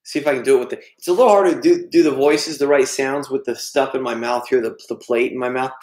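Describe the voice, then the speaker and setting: A man's voice: mid-range voice, quick pace, darkish tone. A man hosting a livestream, joking and self-deprecating as he answers chat messages. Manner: jokey, self-deprecating, reads chat aloud. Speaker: livestream host. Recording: echoey room.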